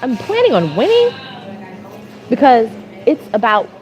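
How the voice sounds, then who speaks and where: A woman vlogger telling a story as a rant, animated and exasperated, repeating phrases for emphasis. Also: fairly high pitch, a little slow, dull audio.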